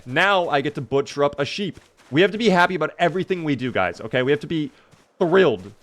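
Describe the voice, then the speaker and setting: A man's voice: on the high side, animated, fast talker, fairly bright tone. Upbeat man streaming a game. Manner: upbeat, chatty, talks to himself and chat. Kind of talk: live gameplay commentary, chatting with viewers.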